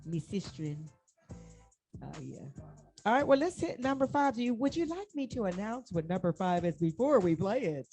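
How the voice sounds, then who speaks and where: A woman hosting a casual music talk show, playful, laughing often and giving shout-outs to listeners. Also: fairly high pitch, animated, brisk. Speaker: show host. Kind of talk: casual radio-style chat.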